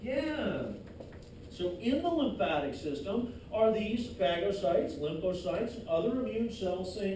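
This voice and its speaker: A man teaching an anatomy class in a lively, joking way, teasing his students as he goes. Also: high voice, measured pace. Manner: lively, jokey, teases students. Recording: echoey classroom, distant mic, faint hiss.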